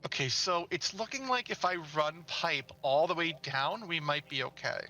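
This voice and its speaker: Bright, playful man streaming a game. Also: on the high side, normal speed. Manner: playful, swears freely, sings nonsense syllables. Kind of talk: casual gaming chat.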